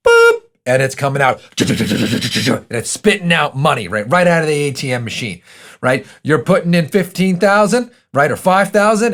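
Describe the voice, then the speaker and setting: Male podcast host, pep-talk delivery, animated pitch, talks straight to the listener. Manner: emphatic, coaching, direct address.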